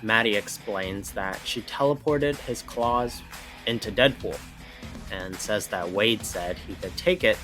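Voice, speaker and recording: A man narrating a comic book story with a steady, even reading. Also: fairly low pitch, unhurried, faint music behind.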